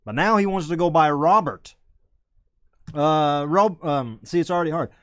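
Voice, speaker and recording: A man's voice: a little high, moderate pace, a bit bright, clean tone, no room sound, clean studio sound. A man hosting a comedy web show, rambling and self-correcting while hyping merchandise like a salesman. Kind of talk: rambling comedic live-stream chat.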